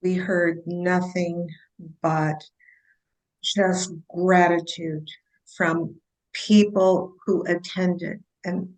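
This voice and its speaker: A woman podcast host who speaks in slow, halting casual chat. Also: fairly low pitch, little pitch movement, darkish tone, poor audio.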